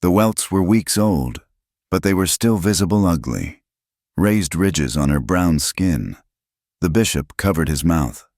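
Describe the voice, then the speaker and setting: A man narrates a frontier tale with dramatic, measured pacing. His voice sits very low, recorded dry and close with no room sound. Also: expressive, darkish tone, no echo. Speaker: storyteller. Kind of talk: scripted audiobook narration.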